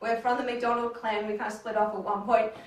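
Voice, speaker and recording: A woman with an Australian accent performing a stand-up comedy set, dry and deadpan with sudden excited bursts. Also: on the high side, fast talker, far from the mic. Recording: echoey room heard from afar.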